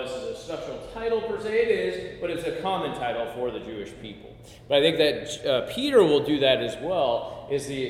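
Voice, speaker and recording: A man's voice: on the high side, a little hiss or hum. Man teaching a Bible class in an echoey room. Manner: conversational, asks the class questions, many "okay"s. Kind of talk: interactive Bible class with Greek notes. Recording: echoey room with long reverb.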